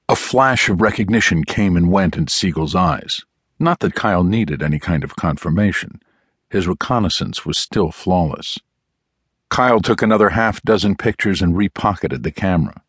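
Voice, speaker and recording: A man narrating a thriller audiobook in a measured, expressive reading. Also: low voice, slightly rough, no room sound, studio quality. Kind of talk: scripted narration.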